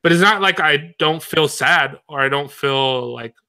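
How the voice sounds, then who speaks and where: A young man rambles through his thoughts in casual chat, using lots of fillers and laughing often. His voice is a little high for a man, bright and forceful, and he keeps a measured pace.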